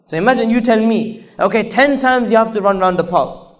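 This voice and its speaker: High-voiced earnest male preacher. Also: fairly quick. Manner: earnest, repetitive, swings between raised emphasis and soft low asides. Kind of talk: sermon.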